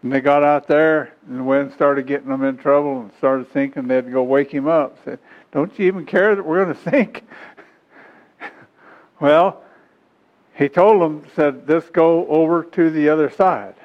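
A man with a somewhat high voice delivers a sermon, reading passages aloud and then breaking them down in folksy, chuckling asides. The recording is dull and lo-fi. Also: fairly even intonation, moderate pace. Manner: reads scripture then explains it in homey, chuckling asides. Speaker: preacher.

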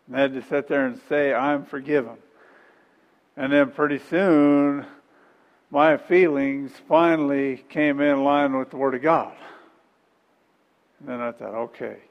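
A man's voice: mid-range voice, steady tone, a little slow, in a large hall, highs cut off. A middle-aged man preaching a sermon in a folksy, conversational way, repeating phrases and chuckling between points.

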